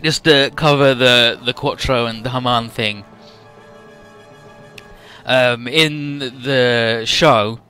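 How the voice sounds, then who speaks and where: A man chatting casually, retelling a story with animated energy, swearing and mimicking the characters. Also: medium pitch. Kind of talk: casual chat.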